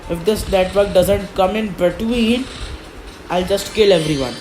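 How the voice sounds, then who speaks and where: A woman's voice: medium pitch, unhurried, a little mellow, soft background music, poor audio. A woman commentating her own gameplay, frustrated and complaining as she plays. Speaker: gaming commentator.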